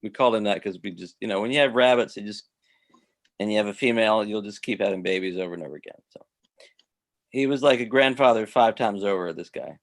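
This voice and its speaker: Man, low voice, casual video-call chat, rambling with fillers. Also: quick pace. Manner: rambling, many restarts and fillers. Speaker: host.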